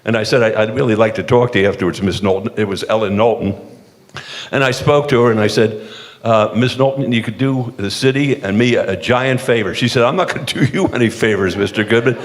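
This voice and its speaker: A man's voice: fairly low pitch, fairly quick. An older man from the eastern United States, a former mayor telling self-deprecating, jokey stories on a panel, with frequent restarts. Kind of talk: humorous anecdotal storytelling on a panel. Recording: long hall reverb.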